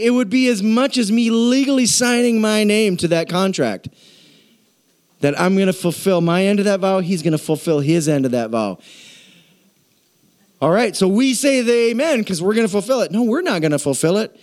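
A man preaching a sermon in a church, energetic and playful, calling out to the congregation. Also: high voice. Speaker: pastor.

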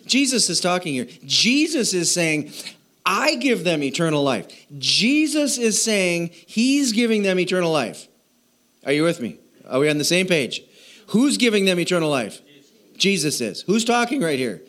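A man's voice: sits high, very animated, moderate pace, a bit bright. Man preaching in a chatty sermon. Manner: chatty, laughing asides; asks the audience questions. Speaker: pastor.

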